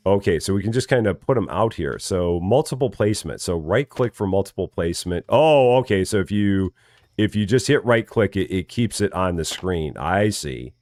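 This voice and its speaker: A man's voice: sits low, expressive, normal speed, darkish tone, no echo, studio quality. A man casually commenting as he plays a farming game on a live stream, chatty and friendly, greeting viewers by name and often repeating his words. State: still waking up, early morning.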